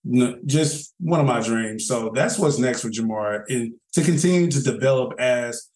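Southern guy, laid back and slangy, mid pitch, kinda echoey. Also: moderate pace, few pauses. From Charlotte, North Carolina. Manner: relaxed, rambling, slangy. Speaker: guest, background actor and photographer. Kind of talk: casual podcast interview. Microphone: phone call. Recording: roomy phone call.

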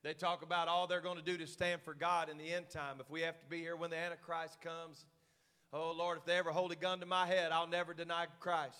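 A man pastor preaching a sermon, swinging from hushed asides to shouted, fiery passages. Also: on the high side, little pitch movement, fairly quick, clean tone, in a large hall.

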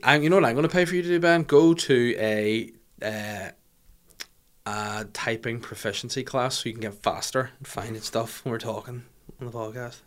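A man's voice: mid-range voice, moderate pace. A young man hosting a comedy podcast, chatting in a rambling, sweary, mocking way. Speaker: podcast host. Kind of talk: casual comedic podcast chat.

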